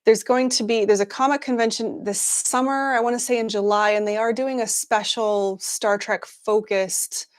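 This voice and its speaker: A woman's voice: on the high side, steady tone, normal speed, hardly any pauses. Chatty woman hosting a livestream. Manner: chatty, laughs often, many fillers and restarts. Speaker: news show host. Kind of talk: casual livestream chat.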